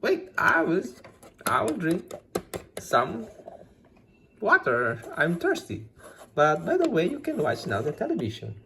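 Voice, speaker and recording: A woman voicing a jolly father pig who is proud of his family, in slow, simple toy-play talk. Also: on the low side, huge pitch swings, creaky, noisy background, pitched below the performer's own voice, full character voice. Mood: cheerful.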